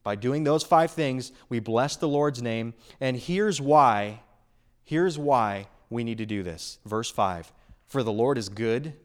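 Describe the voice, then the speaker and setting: A man's voice: medium pitch, takes it slowly. A middle-aged man preaching a sermon as a pastor in his church, earnest and building emphasis on key phrases.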